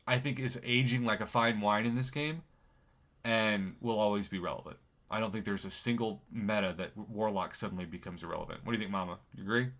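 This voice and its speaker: Brief: male game streamer, middle pitch, bright tone, jokey and chatty live-stream banter. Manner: jokey, chatty, reads viewer comments aloud. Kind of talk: casual live-stream chat.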